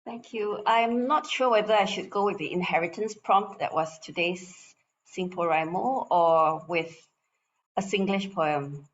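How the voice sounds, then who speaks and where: A woman reads a poem in a measured, solemn way. Her voice sits low for a woman. The audio is dull and lo-fi, with faint noise behind her. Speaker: poet. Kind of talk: poetry reading.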